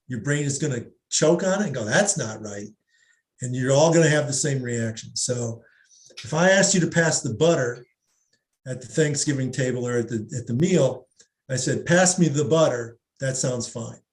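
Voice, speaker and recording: A middle-aged man, a psychologist, explaining reading and language in an animated way and sounding out examples. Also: mid-range voice. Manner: animated explainer, demonstrates pronunciations aloud. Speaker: psychologist guest. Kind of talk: explanatory discussion. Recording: roomy echo.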